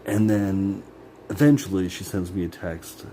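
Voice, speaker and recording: Deep-voiced man venting in a ramble. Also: fairly even intonation, a little slow, dark tone, a little hiss or hum. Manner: rambling, profane, many "like" fillers; emotional, bitter. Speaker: vlogger. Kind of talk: personal venting monologue.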